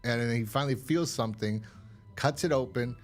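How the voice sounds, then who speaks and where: A man's voice: mid-range voice, fairly quick, soft background music. A man co-hosting a horror podcast, recapping an episode in a rambling, casual way, swearing now and then. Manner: rambling, full of fillers and profanity. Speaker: podcast co-host.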